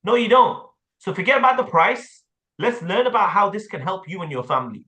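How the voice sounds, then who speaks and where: A man with an English accent coaching a sales team, blunt and animated, with casual slang and the odd swear word. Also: sits high, fairly quick, echoey room. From England. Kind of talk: sales training talk with role-play.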